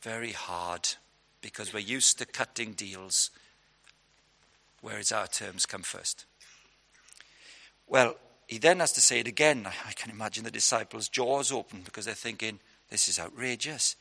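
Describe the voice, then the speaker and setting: A man's voice: lowish voice, moderate pace, gravelly, sharp tone. A man preaching a sermon in a conversational, punchy way, putting questions to his listeners. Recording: long hall reverb.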